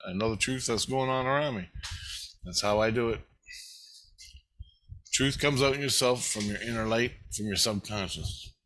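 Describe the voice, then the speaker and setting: Vlogger, male, bright forceful voice, rambling and heavily profane delivery. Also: medium pitch, moderate pace, pauses often. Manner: profane, agitated, swears constantly. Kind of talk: rambling first-person monologue.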